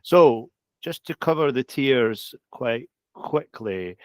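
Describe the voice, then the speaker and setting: A man with a mid-range, darkish voice speaks slowly but with lively intonation as he co-hosts a casual, upbeat promotional update about a coaching community, often turning to his co-host by name. The recording has no room sound.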